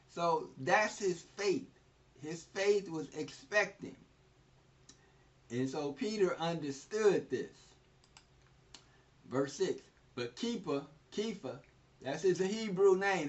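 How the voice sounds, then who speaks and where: A man in his sixties teaching scripture as a preacher, in a conversational way that retells scenes in plain everyday speech. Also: on the high side. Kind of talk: informal Bible teaching. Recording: distant, dull lo-fi recording.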